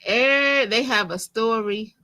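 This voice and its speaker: A woman co-hosting a casual advice talk, chatty, with quick affirmations. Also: on the high side, bright, forceful tone, no room sound. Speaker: co-host.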